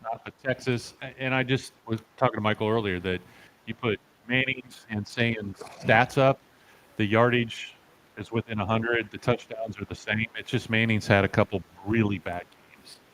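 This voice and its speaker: A man co-hosting a casual football picks show, soft-spoken and hesitant, trailing off between thoughts. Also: lowish voice, steady tone, moderate pace, poor audio. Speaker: show co-host. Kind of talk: casual sports betting chat.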